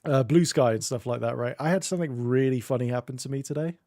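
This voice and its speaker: A British man on a stream, talking casually and rambling through a story. His voice is mid-pitched and sounds dry and close to the mic. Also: quick pace, warm tone, dry recording. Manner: chatty, rambling, laughs often. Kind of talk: casual chat.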